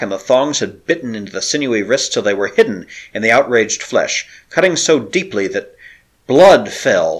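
A man's voice: medium pitch, fairly bright tone. A man narrating an adventure story with a dramatic, varied delivery. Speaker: audiobook narrator.

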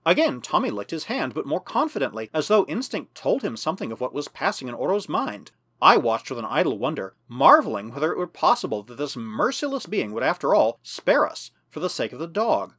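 A man narrating a first-person adventure novel as an audiobook, in a measured, expressive storytelling manner. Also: on the high side, slightly rough.

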